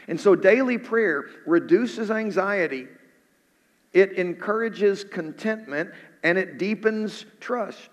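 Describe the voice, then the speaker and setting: A male pastor giving a sermon in an earnest preaching style, then praying softly and low. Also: slow pace. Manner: earnest preaching, drops soft and low in prayer. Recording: hall reverb.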